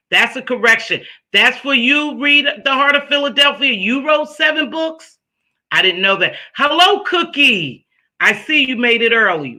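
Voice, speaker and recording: Chatty woman livestream host, sharp-toned. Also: fairly low pitch. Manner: chatty, preachy, firm with rules. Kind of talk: casual livestream talk, greeting chat.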